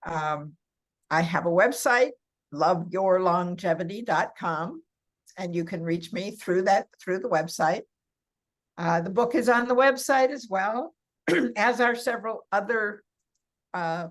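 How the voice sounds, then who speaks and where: A woman's voice: fairly low pitch, unhurried. An older woman talking as a podcast guest about massage work for seniors, chatty and laughing often as she tells stories. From California. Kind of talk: casual interview chat.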